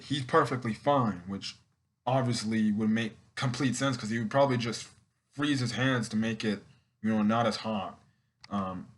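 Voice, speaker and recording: A man casually recapping and reviewing a TV episode, rambling and correcting himself as he goes, often acting out the characters' lines. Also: lowish voice.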